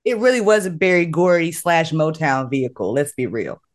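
A woman hosting a casual podcast chat, summarizing a movie in a playful, animated way with frequent laughs. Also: low voice, fairly quick. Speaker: podcast host.

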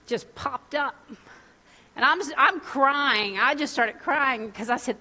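Woman preacher, high and bright, animated storyteller who laughs often. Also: takes it slowly. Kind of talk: sermon with a personal story.

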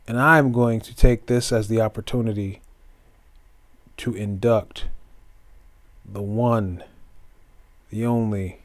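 A man's voice: fairly low pitch, steady tone, slow, long pauses, dry recording, studio quality. A man hosting a solo wrestling podcast, talking casually with lots of fillers and restarts, now and then slipping into grand announcer-style flourishes. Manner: rambling, with many fillers and restarts.

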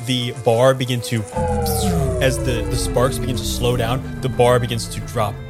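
A man's voice: medium pitch, steady tone, normal speed, loud music behind the voice. A man narrating a tabletop role-playing game as game master, talking casually and rambling with lots of fillers.

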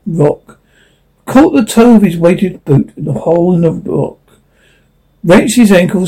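A man narrates a science fiction audiobook in a rather high, mellow voice with vocal fry and a breathy edge, captured in a low-quality recording. His reading is unpolished, full of stumbles and self-corrections.

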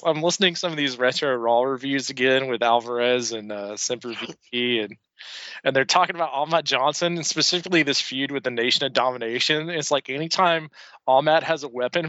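Bright-voiced man, casual profane podcast chatter. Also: on the high side, dry recording. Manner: chatty, profane, laughs at his own stories. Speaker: podcast co-host. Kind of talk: casual wrestling chat. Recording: dull lo-fi dry recording.

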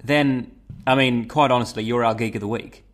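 A man's voice: mid-range voice, steady tone, normal speed. An Australian man co-hosting a podcast in casual chat, brash and sweary with mock outrage. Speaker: podcast co-host.

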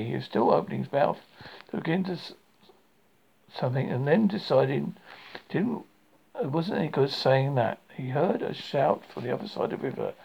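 A man's voice: medium pitch, vocal fry, slight background noise. A man reading a children's book aloud, stumbling and rereading lines now and then. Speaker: reader. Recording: dull lo-fi home recording.

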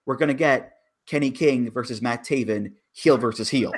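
A man's voice: mid-range voice, normal speed. A man co-hosting a casual wrestling chat, making emphatic arguments about storylines. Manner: emphatic, breaks down booking logic.

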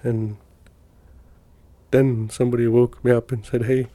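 A man's voice: mid-range voice, flat delivery, unhurried, mellow, no echo. A middle-aged man from Montana telling personal stories in a rambling, folksy way, with many fillers and restarts. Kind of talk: casual storytelling.

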